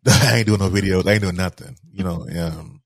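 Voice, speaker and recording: A man with a low, husky voice talks slowly and haltingly, circling back over his words. The sound is close and dry. He speaks in a heartfelt interview. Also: dry recording. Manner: halting, repeats words, grieving tone. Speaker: guest. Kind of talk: emotional interview storytelling.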